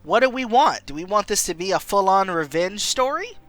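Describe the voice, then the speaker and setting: A woman's voice: mid-range voice, moderate pace, faint music behind. A woman streamer reading a story game aloud and chatting playfully about her choices. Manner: animated, playful.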